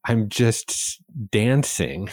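A man hosting a podcast interview, telling stories in an animated, self-deprecating way. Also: fairly low pitch, very slow, dry recording, studio quality. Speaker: podcast host. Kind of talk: conversational interview.

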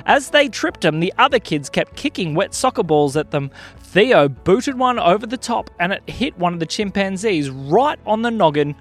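Man storyteller, kids' podcast, high and animated, soft music bed. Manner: lively, playful storytelling. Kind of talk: children's story narration.

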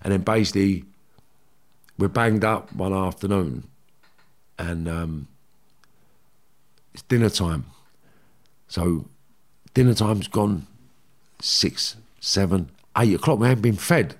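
A low-voiced middle-aged man tells his story in a blunt, slangy way. He swears freely and acts out the back-and-forth as he goes. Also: slow, long pauses. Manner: blunt, heavy swearing, slangy, animated retelling. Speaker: guest telling his life story. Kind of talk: casual storytelling.

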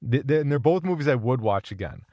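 A man's voice: mid-range voice, animated, fast talker, no room sound, lo-fi sound. A young man from Minnesota with a Minnesotan accent, co-hosting a podcast in casual, rambling chat and laughing often. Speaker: podcast co-host.

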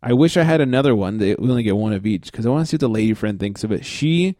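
A man's voice: fairly low pitch, expressive, very fast, warm tone, no room sound, clean studio sound. A man hosting a casual beer podcast, laid-back and rambling, laughing often as he talks. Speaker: podcast host.

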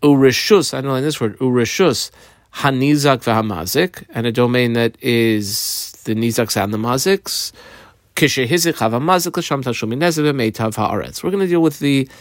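A man's voice: medium pitch, moderate pace, no echo, studio quality. A man teaching a Talmud lesson, reading out passages and explaining how he marks up the text.

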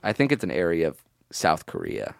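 A man guesting on a comedy podcast, delivering absurd jokes in a deadpan, mumbling way. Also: low-pitched, a little fast, vocal fry, no echo, studio quality. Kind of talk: casual comedic chat.

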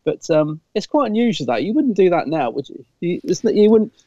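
Gravelly British man, casual fan chat. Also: high voice, big pitch swings, brisk, warm tone, no echo, lo-fi sound. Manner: enthusiastic, rambling with restarts. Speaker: podcast co-host.

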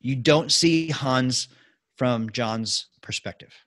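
A man co-hosting a casual talk show, telling behind-the-scenes stories with animated energy. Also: medium pitch, slow. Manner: animated storyteller with lively swings. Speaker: podcast co-host. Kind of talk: casual chat about movie history.

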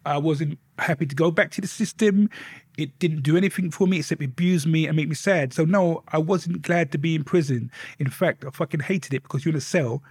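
Gently spoken guy, kinda high voice, lots of swearing, dry sound. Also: a little fast, breathy edge, no echo. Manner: softly spoken, swears freely. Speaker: guest. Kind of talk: telling his life story.

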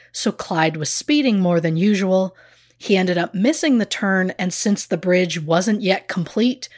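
Chatty self-deprecating woman podcaster. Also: lowish voice. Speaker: podcast co-host. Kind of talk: casual true crime narration.

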